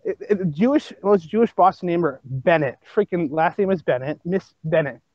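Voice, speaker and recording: Higher-voiced stammering podcast man. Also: lively intonation, moderate pace, no room sound, highs cut off. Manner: stammering, joking. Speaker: podcast co-host. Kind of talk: casual chat.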